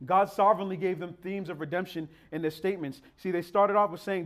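Preacher guy, high voice, rhythmic sermon, gets really fired up. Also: fast, hardly any pauses. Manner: impassioned, building to near-shouts; repetitive, rhythmic preaching cadence.

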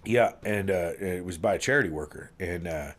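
A man's voice: low voice, normal speed. A man hosting a podcast in casual, joking, rambling chat. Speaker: podcast host.

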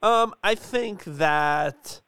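A man in a casual movie chat, relaxed and joking, laughing often. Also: high voice, very slow, smooth, no room sound, studio quality.

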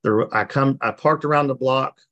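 A man's voice: medium pitch, normal speed, a bit bright, muffled recording. A man from West Virginia shares his recovery story over a video call. He talks in a folksy, plainspoken way and slips into the voices of the people he quotes. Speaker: recovery meeting speaker. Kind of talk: personal testimony.

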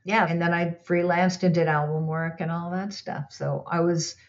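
An older woman with a fairly low voice tells stories from her years as a recording engineer in a relaxed, animated way. She slips into other people's voices when she quotes them. The recording sounds dull and lo-fi. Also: moderate pace. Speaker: recording and re-recording mixer. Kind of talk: casual interview storytelling.

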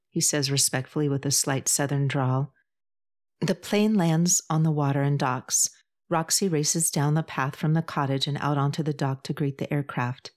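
Low-voiced woman reading a novel. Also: fairly even intonation, moderate pace, a little mellow. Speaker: audiobook narrator. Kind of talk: scripted narration.

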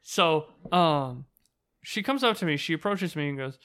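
A man's voice: a little high, lively intonation, normal speed, fairly bright tone, smooth. A man co-hosting a podcast, chatting casually and rambling through a story, laughing often and swearing freely. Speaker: podcast co-host. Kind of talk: casual chat.

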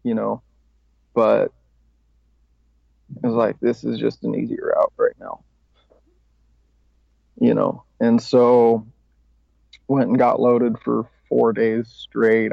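Gravelly man telling his story. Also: medium pitch, no room sound. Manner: rambling, casual, swears, laughs at himself. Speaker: podcast guest. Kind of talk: candid personal recovery story. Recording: dry, slightly dull podcast audio.

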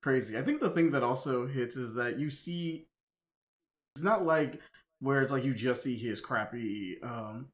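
A man co-hosting a casual movie podcast, talking in halting runs full of restarts and fillers. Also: medium pitch. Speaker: podcast co-host.

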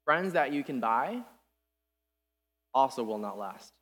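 A young man giving an earnest, casual sermon, animated and full of restarts. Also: mid-range voice, takes it slowly. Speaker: preacher. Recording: long reverb in a hall.

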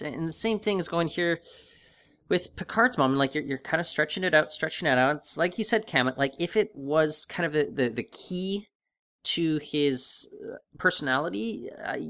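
Male podcast co-host, casual and halting, lots of ums and restarts. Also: fairly high pitch, a bit bright. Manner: hesitant, many fillers and restarts. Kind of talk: casual discussion.

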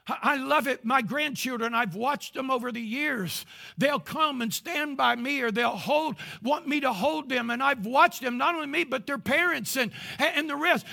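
An older man preaching a sermon as pastor to a live congregation, his passion swelling into shouts. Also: extremely high pitch, normal speed, vocal fry. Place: church service before a live congregation.

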